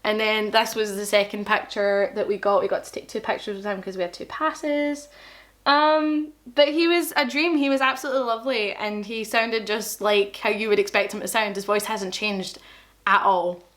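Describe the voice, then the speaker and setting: Young Glaswegian woman, vlogger, chatty self-deprecating storyteller, mid pitch. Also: steady tone, moderate pace, fairly bright tone. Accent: Scottish, Glaswegian. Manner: chatty, self-deprecating, quotes people in dialogue. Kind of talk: casual storytelling to camera.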